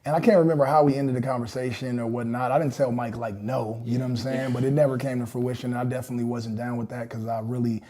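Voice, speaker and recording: A man's voice: mid-range voice, level tone, quick pace, few pauses, dark tone. A man, a rapper, casually telling a story in an interview, loose and chatty with lots of acted-out quotes.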